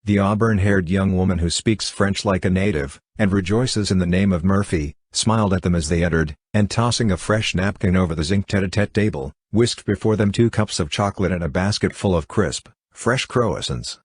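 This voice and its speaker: Deep, husky-voiced male audiobook narrator. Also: normal speed, hardly any pauses, no room sound, clean studio sound. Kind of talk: scripted narration.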